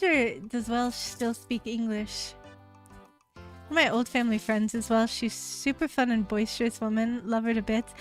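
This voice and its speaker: An American woman streaming, chatting casually with her viewers in a rambling way, full of fillers. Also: fairly high pitch. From United States.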